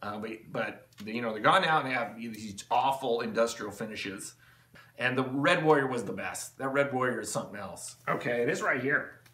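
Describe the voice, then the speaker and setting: Guy rambling away in his workshop, bright forceful voice, lots of ums and restarts, room echoes a lot. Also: medium pitch, animated, normal speed. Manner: rambling, enthusiastic, with many fillers and restarts. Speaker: channel host. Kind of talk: rambling casual vlog talk. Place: home workshop.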